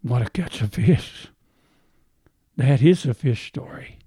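A man's voice: medium pitch, expressive, slow pace, warm tone, slightly rough, no echo, clean studio sound. A middle-aged male pastor preaching a sermon. He has a faint brogue-like sound left from a speech impediment, repeats phrases for emphasis and asks his listeners questions.

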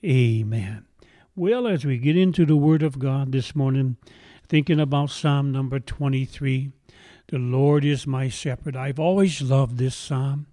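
A man preaching a sermon, telling a story gently and slowing down to stress lines of scripture. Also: medium pitch, no room sound, studio quality. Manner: slow deliberate emphasis on scripture, gentle storytelling. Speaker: pastor.

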